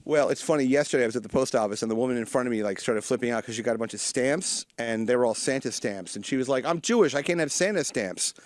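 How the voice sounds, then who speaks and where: A man telling a comic anecdote on a podcast, animated and quick to jump in. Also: mid-range voice, no room sound. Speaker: comedian guest. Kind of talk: comedic storytelling.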